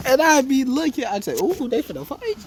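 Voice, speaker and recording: A man's voice: very high-pitched, sing-song, brisk. Man, improvised comic storytelling, rambling, faint background hiss. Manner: rambling, joking, acts out dialogue with stammers.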